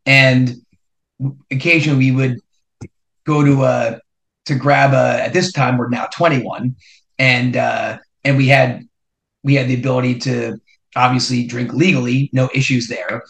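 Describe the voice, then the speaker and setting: A middle-aged man from New Jersey, hosting a podcast and telling a personal story in an animated way, building suspense with repeated rhetorical questions. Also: medium pitch, a little slow, gravelly. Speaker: podcast host. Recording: roomy echo.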